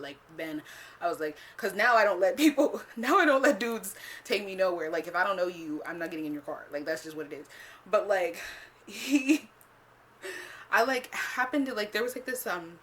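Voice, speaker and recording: A woman vlogger telling a casual storytime, swearing freely, filling every pause with "like" and acting out what she said back then. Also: on the low side, a little hiss or hum. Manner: animated, swears freely, acts out her own past lines; heavy use of "like" as filler.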